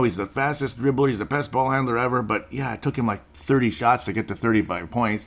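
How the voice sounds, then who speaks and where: A man's voice: medium pitch, lively intonation, fairly quick. A man in his forties hosting a basketball show, ranting sarcastically about a game in casual commentary. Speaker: basketball podcast host.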